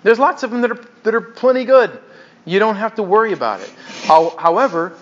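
High-voiced chatty preacher man. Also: animated, brisk. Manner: casual, chatty, with hesitations. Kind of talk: conversational teaching sermon. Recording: dull lo-fi recording.

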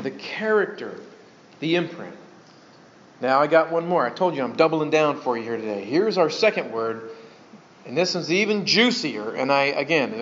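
A man teaching a sermon to a congregation, folksy and animated, with joking asides. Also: fairly high pitch. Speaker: pastor. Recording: dull lo-fi sound.

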